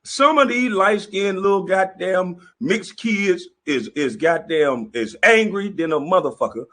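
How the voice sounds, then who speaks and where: A man's voice: sits high, animated, a little slow, bright, forceful tone. A man delivering a profane comedic roast rant, laughing often as he goes. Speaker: commentator.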